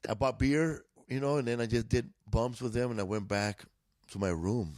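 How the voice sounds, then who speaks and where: A man's voice: mid-range voice, normal speed, a little mellow, no echo. A man from East Los Angeles spins loose, profane stories in a casual podcast chat, laughing as he goes. His voice sits in a middle range and is recorded dry, with no room sound around it. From East Los Angeles, USA. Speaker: comedian guest. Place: indoors, podcast studio.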